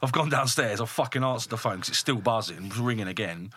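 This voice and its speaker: A man's voice: medium pitch, expressive, quick pace, a bit bright, slightly rough, no echo. A man in his thirties, a builder and business owner, telling a story bluntly and with lots of swearing. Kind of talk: casual podcast storytelling.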